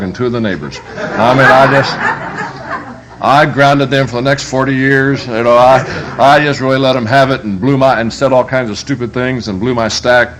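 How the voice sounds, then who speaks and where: Guy preaching at a workshop, funny, punchy, swings loud and soft, average pitch. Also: slight background noise. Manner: lively, joking, emphatic storytelling. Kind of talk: humorous live workshop talk.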